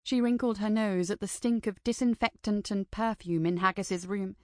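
A woman reading a novel aloud in steady, scripted narration. Her voice sits at a middle pitch for a woman. The sound is close and dry, with no room around it. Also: normal speed, dry recording. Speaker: audiobook reader.

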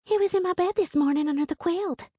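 A woman's voice: extremely high pitch, quick pace, mellow, no echo, clean studio sound, pitched above the performer's own voice. A woman voicing a poor, sweet-natured young country girl who talks in an earnest, wide-eyed way. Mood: excited, joyful.

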